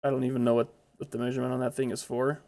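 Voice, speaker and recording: A man's voice: medium pitch, level tone, racing, vocal fry, mellow. A man giving casual, chatty commentary over his own gameplay, blurting out exclamations when startled.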